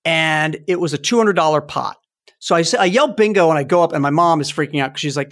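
A man in his fifties hosting a podcast, telling childhood stories in a casual, animated way. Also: a little high, quick pace. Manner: animated storytelling, acts out toy sounds. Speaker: podcast host. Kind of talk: casual chat.

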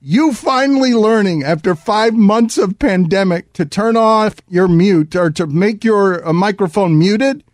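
A man's voice: sits high, a little slow, few pauses, no room sound, clean studio sound. A man hosting a sports radio show, teasing his co-hosts in comic banter. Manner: mocking, theatrical teasing.

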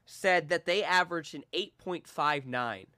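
A man co-hosting a podcast in casual chat, chiming in with quick retorts. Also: fairly high pitch, bright, forceful tone, dry recording, studio quality. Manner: chimes in with quick retorts and comments. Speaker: podcast co-host.

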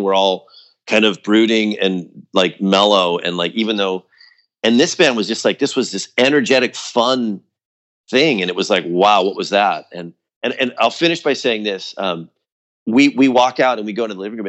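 A man telling a story about his old band in casual chat, acting out quotes in a higher voice, with lots of fillers. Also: fairly bright tone. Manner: loose and chatty, many fillers like "like" and "you know". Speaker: guest musician.

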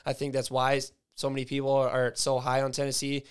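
A man's voice: medium pitch, monotone, quick pace, clean tone. A man in a casual sports chat, loose and swearing, leaning on filler words. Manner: loose, swears freely, leans on "like".

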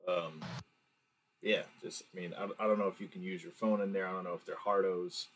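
A man's voice: low-pitched, fairly even intonation, fairly quick, fairly bright tone, a little hiss or hum, poor audio. A young man chatting casually on a podcast, easygoing and a little hesitant. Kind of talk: casual chat.

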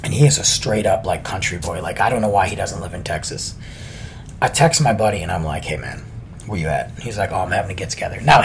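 A man's voice: on the high side, gravelly, fairly bright tone. A man casually telling a story on a podcast, laid-back and chatty with lots of slang.

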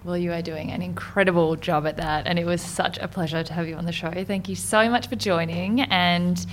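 A woman hosting a podcast in casual chat, bubbly and quick to react. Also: on the low side, fairly even intonation, a little hiss or hum. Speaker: podcast host.

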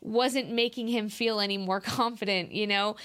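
A woman's voice: mid-range voice, fairly even intonation, moderate pace, fairly bright tone, clear, resonant tone. A woman hosting a podcast in casual chat, reading sponsor spots loosely with restarts. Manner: loose, chatty, stumbles and restarts while reading. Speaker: podcast host.

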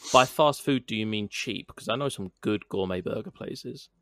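A man's voice: fairly low pitch, normal speed, fairly bright tone, no room sound, clean studio sound. A man co-hosting a casual podcast in a laid-back, questioning manner. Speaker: podcast co-host.

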